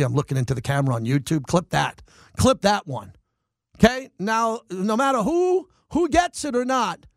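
A middle-aged man hosting sports talk radio, ranting in animated bursts and mocking his critics. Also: high-pitched, no room sound, studio quality. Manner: animated, rants and mocks in quick bursts. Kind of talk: fired-up sports talk monologue.

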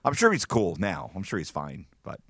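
A man's voice: sits low, huge pitch swings, normal speed, creaky, fairly bright tone, slightly rough, no echo. A man co-hosting a sports talk show on a studio mic, laughing often and poking fun at himself. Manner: laughs often, self-deprecating. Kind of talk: casual studio banter.

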